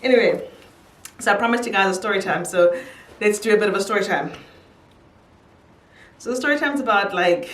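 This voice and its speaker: A woman's voice: mid-range voice, a little fast, long pauses, fairly bright tone, recorded from a distance, a little hiss or hum. A young woman chatting casually to camera while doing her makeup, telling a story and laughing easily. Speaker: beauty vlogger. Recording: echoey room, voice from off-mic.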